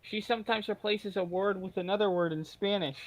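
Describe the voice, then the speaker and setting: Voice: medium pitch, a little fast, poor audio. A person in a casual group chat, chiming in with corrections and anecdotes. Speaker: chat participant.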